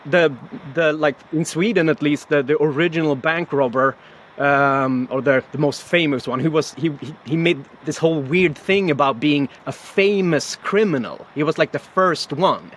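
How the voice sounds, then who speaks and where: A man in a casual video-call interview, animated and quick to laugh, stumbling through restarts as he tells a story. His voice sits a little high. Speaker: voice actor guest.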